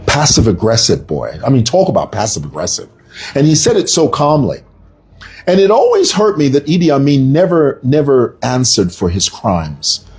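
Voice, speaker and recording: A man's voice: mid-range voice, a little mellow, husky. A middle-aged Zambian man with a Zambian accent, giving an emphatic, storytelling opinion monologue as an online commentator.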